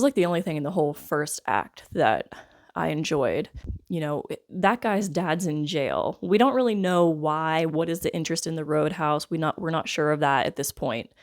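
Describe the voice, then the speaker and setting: A woman's voice: low-pitched, darkish tone. A woman giving a casual, rambling film review, wry and full of fillers like "like" and "I guess.". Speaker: movie reviewer.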